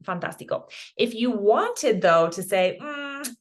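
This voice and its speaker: A woman's voice: medium pitch, lively intonation, normal speed. A woman from Colorado teaching a beginner Spanish lesson online, chatty and encouraging, dropping Spanish words into her explanations. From Colorado, USA.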